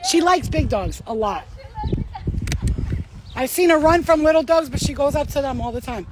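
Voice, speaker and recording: A woman's voice: sits high, lively intonation, moderate pace, background noise. A woman talking to her viewers in a casual spiritual pep talk, blunt, fired-up and full of profanity and slang, while outdoors walking her dog. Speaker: spiritual reader.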